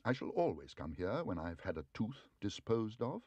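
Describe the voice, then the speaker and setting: A man reading aloud and voicing an earnest, well-mannered little male bear, in a husky voice. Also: lowish voice, big pitch swings, moderate pace, a little mellow, no room sound. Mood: prim.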